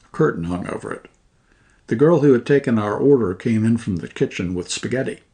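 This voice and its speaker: A man narrating a short story in a measured, dry manner. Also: medium pitch, animated, mellow. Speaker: audiobook narrator.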